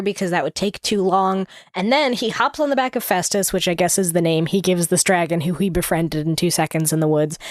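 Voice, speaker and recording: A woman's voice: medium pitch, dry recording, clean studio sound. A young woman co-hosting a podcast, chatting casually about a book, giggly and full of fillers. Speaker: podcast co-host.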